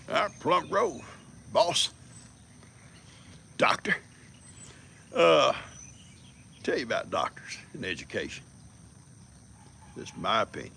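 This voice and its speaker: A man's voice: medium pitch, wildly swooping pitch, takes it slowly, pauses often, sharp tone, a little hiss or hum. An older man, chatting casually on a livestream, a folksy storyteller who rambles and chuckles. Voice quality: gravelly. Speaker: livestream host.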